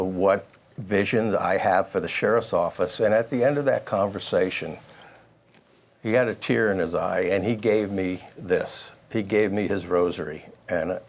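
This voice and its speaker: A man answering as a sheriff candidate in a political debate, telling a folksy story with hesitant fillers. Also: deep voice.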